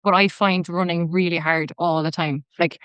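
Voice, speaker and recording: A woman's voice: lowish voice, steady tone, normal speed, fairly bright tone, smooth, no room sound. An Irish woman in her thirties, a personal trainer and podcast guest, chatting and telling stories with lots of "like" fillers. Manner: chatty storytelling, many "like" fillers. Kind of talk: casual interview chat.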